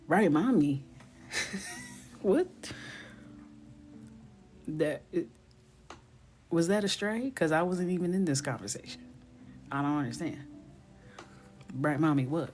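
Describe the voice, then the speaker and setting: A woman in her thirties, chatting casually on a coloring live stream and telling playful, animated stories that sometimes drop to a whisper. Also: low-pitched, takes it slowly, pauses often, soft background music.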